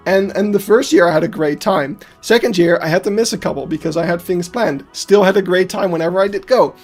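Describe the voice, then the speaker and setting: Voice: mid-range voice, fairly quick. A streamer, chatting casually on a live stream and ranting heatedly with plenty of swearing, laughing at themself. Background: faint background music.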